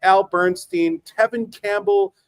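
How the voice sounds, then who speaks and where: A man's voice: sits high, steady tone, slow, dry recording, low-quality recording. Male podcast co-host and producer, showman style; dry close sound. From Wisconsin. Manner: showman-like, jokey. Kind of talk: casual banter with emcee-style introductions.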